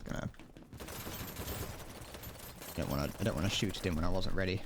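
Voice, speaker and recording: Rambling British man, lowish voice. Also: a little fast, pauses often, noisy background. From Britain. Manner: rambling, joking, self-mocking. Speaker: streamer. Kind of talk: casual gameplay commentary.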